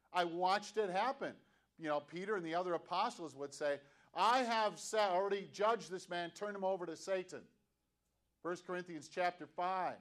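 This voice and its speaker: A man preaching a sermon with emphatic, rising delivery and many rhetorical questions. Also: high-pitched. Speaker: pastor.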